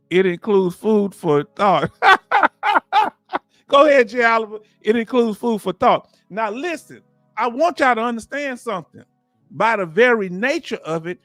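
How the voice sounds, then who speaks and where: A man with a Southern US accent hosting a casual livestream, talking in an animated, preachy way and firing off rhetorical questions to his viewers. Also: very high-pitched, no room sound. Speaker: livestream host.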